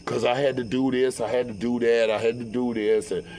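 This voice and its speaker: A man's voice: mid-range voice, fairly quick, slight background noise. Profane man telling a story. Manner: profane, animated, with many fillers. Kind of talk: casual storytelling.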